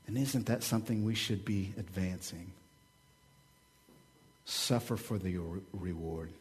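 A pastor from Oklahoma delivers a sermon in a low, husky voice, swinging between hushed asides and loud, joking, animated stretches.

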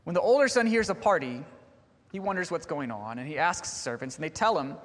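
A man's voice: high-pitched, big pitch swings, moderate pace, a bit bright, long reverb tail. A man preaching a sermon in an earnest tone, posing rhetorical questions to the congregation.

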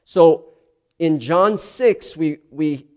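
Earnest pastor with a slightly high voice. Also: male voice, drawn-out words, darkish tone, smooth. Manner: earnest, conversational, with restarts and asides. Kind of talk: sermon with prayer and scripture reading.

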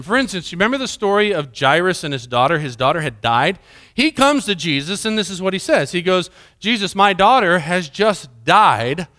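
A man's voice: high voice, sharp tone. A male pastor preaching a sermon in church, earnest and conversational, asking the congregation questions. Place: church sanctuary.

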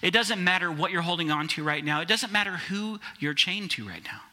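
Male pastor, conversational sermon delivery, fairly high, very bright tone. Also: lively intonation, a little fast. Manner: conversational, addresses listeners as guys.

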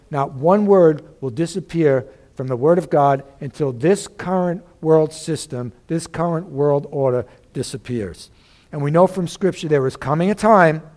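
A man's voice: on the high side, a little mellow. A man preaching a sermon as pastor, emphatic, often asking the congregation questions like "Amen?" and "what?".

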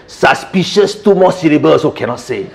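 A man's voice: on the high side, brisk, vocal fry, a little hiss or hum. A man playing a chatty Singaporean uncle who explains youth slang in a comedy sketch, with a Singaporean English accent and playful Singlish asides. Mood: amused explaining. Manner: playful, lively, chuckling asides, heavy Singlish particles.

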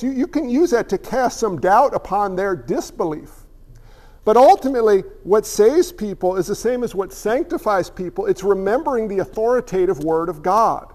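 Male pastor, very high voice, animated sermon, long hall reverb. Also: moderate pace. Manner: animated, acts out little voices.

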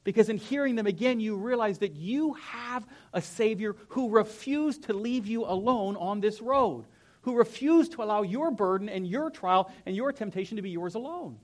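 A young male pastor with a fairly high voice gives a lively, conversational sermon in a church. His delivery swings between quiet, reflective passages and sudden energetic peaks. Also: normal speed. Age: young adult. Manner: animated, conversational, acts out whiny voices. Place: church sanctuary.

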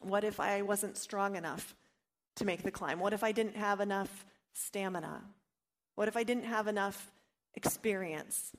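A woman leads a devotional teaching in a mid-pitched voice. She talks earnestly and personally, telling her own stories and acting out the doubtful inner voice before she turns to scripture. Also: normal speed. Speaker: Bible study teacher.

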